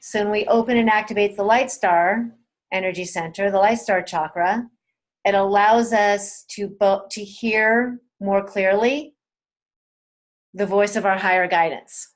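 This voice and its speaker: A woman teaching a spiritual webinar in a gentle, soothing way, talking straight to her listeners and repeating key words. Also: medium pitch, unhurried.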